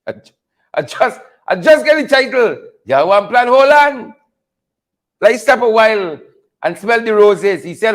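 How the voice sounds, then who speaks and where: Very high-voiced Guyanese man riffing. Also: big pitch swings, measured pace, a bit bright. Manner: repetitive, chuckling, calls out viewers by name. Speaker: host of a political commentary show. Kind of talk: casual live commentary reading viewer names.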